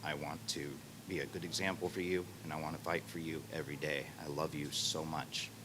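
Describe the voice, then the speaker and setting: Man w a super deep voice, choked up, lots of ums, noisy room. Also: flat delivery. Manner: halting, with ums and pauses. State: fighting back tears. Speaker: mentor giving a blessing. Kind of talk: off-the-cuff speech.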